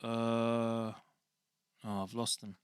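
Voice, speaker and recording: A man's voice: medium pitch, level tone, extremely slow, smooth, no echo, clean studio sound. A man hosting his podcast in casual, rambling chat with many restarts. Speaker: podcast host.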